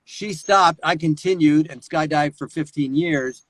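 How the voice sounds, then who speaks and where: A man talking as a guest voice actor in a casual interview, animated and quick to slip into voices. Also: fairly high pitch, no room sound, poor audio.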